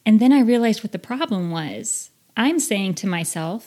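A woman's voice: mid-range voice, normal speed, few pauses. Earnest woman hosting a self-help podcast. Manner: earnest, animated, laughs at herself. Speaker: podcast host.

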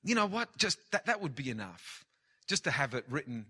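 A man's voice: mid-range voice, very animated, fairly quick, pushed and bright, slightly rough. A man preaching a sermon with passion, repeating key phrases for emphasis. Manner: impassioned, heavy repetition for emphasis. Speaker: pastor.

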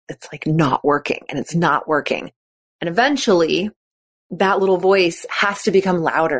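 A woman coaching on a podcast, talking in an encouraging, chatty way and acting out quoted thoughts. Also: on the low side. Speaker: gymnastics coach and podcast host. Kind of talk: podcast monologue.

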